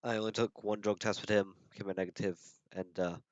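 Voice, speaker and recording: A man's voice: on the low side, flat delivery, a little fast, no echo, muffled recording. A man playing a police officer giving testimony in a role-play court, casual and hesitant, with many fillers.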